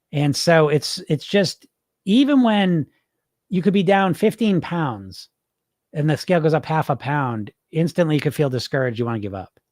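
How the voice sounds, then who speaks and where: A man with a fairly high voice runs a casual live weight loss show, talking bluntly and emphatically with plenty of swearing as he answers viewers. The sound is dry and close, with no room around it. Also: a little mellow, no echo. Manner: blunt, profane, emphatic, reads viewer comments. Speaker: weight loss hypnosis coach. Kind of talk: casual live-stream podcast.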